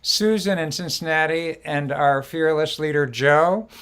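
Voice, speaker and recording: Smooth-voiced man hosting online. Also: a little high. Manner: warm greetings, halting with fillers and restarts. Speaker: host. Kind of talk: casual online show hosting.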